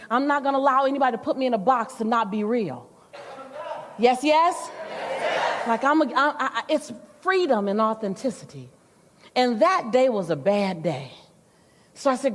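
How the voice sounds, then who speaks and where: A woman giving an animated, humorous motivational keynote and speaking straight to the audience in a large hall. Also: sits high. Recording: long reverb of a large hall.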